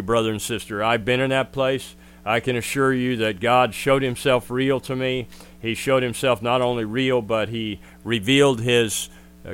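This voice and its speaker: A man preaching a sermon in an earnest, direct way, often pausing with "uh". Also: mid-range voice, a bit bright, smooth. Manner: earnest, with frequent "uh" fillers.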